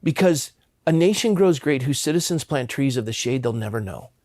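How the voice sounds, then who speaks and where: A man's voice: mid-range voice, animated, brisk, darkish tone, no echo, studio quality. A man in his fifties, a pastor from Southern California, earnestly telling personal stories in an interview. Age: 50s. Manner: earnest, impassioned.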